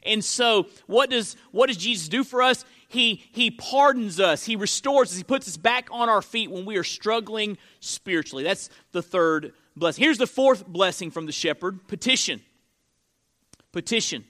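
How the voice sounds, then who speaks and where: A man's voice: high voice, expressive, moderate pace, sharp tone. A man preaching a sermon, telling Bible stories with earnest, dramatic emphasis. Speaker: pastor.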